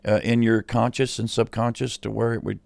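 Man, gravelly voice, dry close mic, easygoing radio co-host. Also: fairly low pitch, little pitch movement, brisk, darkish tone, no room sound. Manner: agreeable, stammering restarts. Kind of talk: casual on-air chat and listings. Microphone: studio mic.

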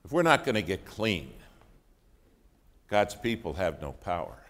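A low-voiced man delivers a sermon as a story. His pitch swings widely, rising in loud bursts and dropping to hushed lines. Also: sing-song, measured pace. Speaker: preacher.

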